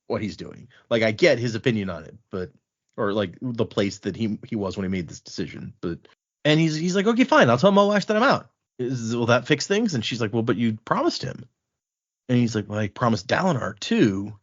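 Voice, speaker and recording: Podcast guy retelling a book, super lively up and down voice, kinda muffled audio. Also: lowish voice. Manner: animated retelling, quotes characters in a loose conversational voice. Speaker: podcast host recapping a book. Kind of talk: casual chat.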